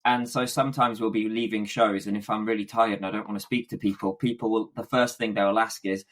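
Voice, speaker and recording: A young man with a Yorkshire accent, co-hosting a casual podcast and telling stories with lively quoted asides. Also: lowish voice, fairly quick. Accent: Yorkshire English. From Yorkshire, England. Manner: animated storytelling with quoted asides. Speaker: podcast co-host. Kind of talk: casual chat.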